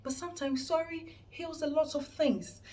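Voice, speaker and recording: A woman's voice: sits high, steady tone, normal speed, darkish tone. A woman with a Ghanaian accent giving an earnest, preachy motivational vlog talk, stressing points and often restarting words. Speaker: vlogger host.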